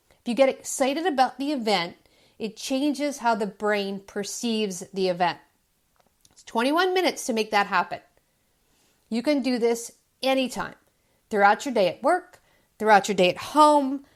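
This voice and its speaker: A woman addictions coach giving an upbeat, emphatic self-help talk, acting out people's worries in quoted lines. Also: a little high.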